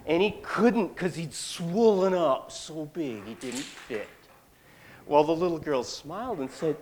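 A storyteller telling a folktale live, folksy and animated with rambling asides. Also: mid-range voice, normal speed.

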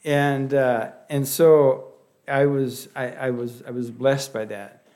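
A man with a Pennsylvania Dutch accent delivering a sermon, folksy and halting, often restarting his words. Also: mid-range voice, steady tone, mellow. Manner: halting, with many restarts and fillers; folksy, with light humor. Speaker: preacher.

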